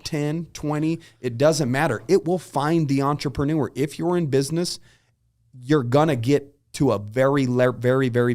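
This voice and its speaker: A man interviewing on a podcast, setting up his questions in a reflective, drawn-out way. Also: mid-range voice, a little mellow. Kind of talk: casual conversational questions.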